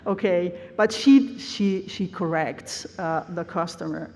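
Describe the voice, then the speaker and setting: A woman's voice: fairly low pitch, takes it slowly, darkish tone. A woman giving an academic conference lecture, explaining at length with frequent "uh" hesitations. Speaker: plenary lecturer. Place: lecture hall. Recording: long reverb of a large hall.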